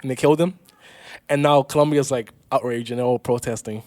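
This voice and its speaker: A man's voice: medium pitch, fairly even intonation, brisk, darkish tone, no echo. A man with a New York accent, co-hosting a casual podcast and recapping news in a rambling way with many restarts. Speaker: podcast co-host. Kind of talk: casual chat.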